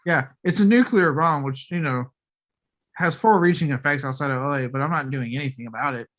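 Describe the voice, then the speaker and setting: A man's voice: on the high side, a little fast, a bit bright. A man co-hosting a casual movie review podcast, blunt and profane. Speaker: podcast co-host.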